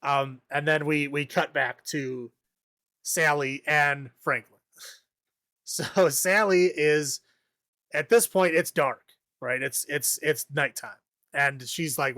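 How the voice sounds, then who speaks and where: On a podcast, a male co-host casually recaps a horror movie, rambling, laughing often and acting out the characters' lines. His voice is fairly high, slow and sharp-toned. The recording is dry and clean, with studio quality.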